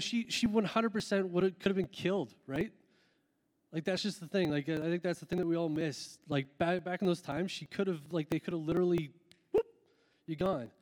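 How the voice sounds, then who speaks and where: A man who is a worship pastor, talking earnestly and rambling from the stage of a church, with lots of fillers and restarts. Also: fairly high pitch. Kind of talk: casual talk from the stage before a song. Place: church hall with a long, echoing reverb. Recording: echoey hall with soft music behind.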